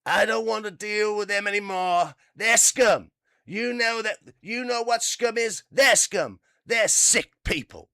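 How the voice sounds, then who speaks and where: A man's voice: high voice, a little slow, pushed and bright, clean tone, no room sound, studio quality, pitched above the performer's own voice, heavily acted. A man putting on an impression of a boastful, blustering older male politician, brash and repetitive. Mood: contemptuous.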